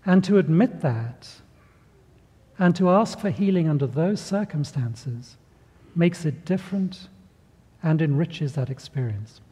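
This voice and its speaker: A middle-aged man preaching a sermon, speaking with measured pauses and slipping into voices when telling a story. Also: on the high side, animated, dark tone, breathy edge, in a large hall. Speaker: pastor.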